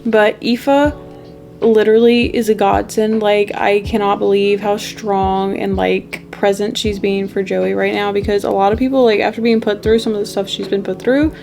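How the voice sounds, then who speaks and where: A woman's voice: mid-range voice, level tone, normal speed, creaky, a little mellow, faint music behind. A young woman book vlogger in a casual reading vlog, talking emotionally and gushing, with frequent swearing.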